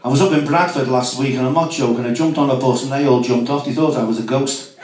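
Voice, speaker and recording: A man's voice: mid-range voice, fairly even intonation, a little mellow. A man from Merseyside with a Liverpool accent doing a stand-up comedy set, firing off jokes with lots of "you know" fillers. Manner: rapid joke delivery with many "you know" fillers. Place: club room with live audience. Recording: echoey room, distant mic.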